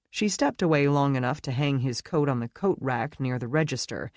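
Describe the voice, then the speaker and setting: An audiobook narrator reading a romance fantasy in an expressive, measured way. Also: medium pitch, dry recording, studio quality. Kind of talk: scripted narration.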